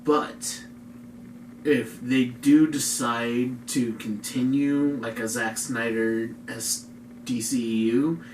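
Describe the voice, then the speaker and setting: A man talks slowly and loosely, wandering through his thoughts with plenty of "like" and "um". He sits a little back from the mic in an echoey room at home, with a faint hiss of noise behind him. The chat is casual and unhurried. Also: mid-range voice, steady tone, a little mellow, far from the mic. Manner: laid-back, rambling, lots of "like". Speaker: podcast co-host.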